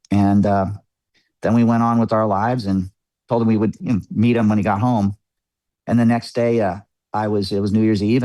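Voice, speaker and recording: A man's voice: lowish voice, darkish tone, no room sound. A middle-aged man, a musician guest on a podcast, telling a personal story in an earnest, reflective way. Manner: earnest, reflective, chatty with frequent fillers. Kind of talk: candid interview storytelling.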